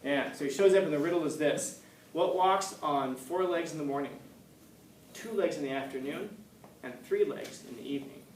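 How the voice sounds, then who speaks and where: Animated storytelling man in an echoey classroom. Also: on the high side, moderate pace, slight background noise. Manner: storytelling, acting out characters, joking with students. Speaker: teacher. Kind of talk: casual classroom lecture. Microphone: distant room mic. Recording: echoey classroom recorded from far off.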